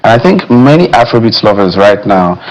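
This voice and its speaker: Measured male music critic, lowish voice. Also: very animated, rough recording. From Nigeria. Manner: measured, thoughtful, with many "you know" fillers. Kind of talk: studio discussion.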